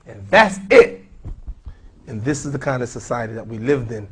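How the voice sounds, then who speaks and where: Husky guy preaching at a seminar, keeps asking the room questions. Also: medium pitch, moderate pace, pauses often. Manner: animated, asks the audience questions. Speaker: imam lecturer. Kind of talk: seminar lecture. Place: lecture hall.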